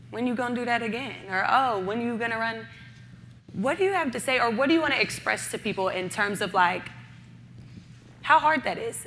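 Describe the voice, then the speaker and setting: A woman's voice: medium pitch, a bit bright, a little hiss or hum. A woman moderating a press conference, asking questions in a friendly, chatty way.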